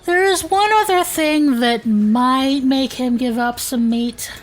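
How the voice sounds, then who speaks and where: A woman's voice: high voice, takes it slowly. A woman co-hosting a podcast, chatting casually, laughing often and reading an episode summary. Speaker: podcast co-host.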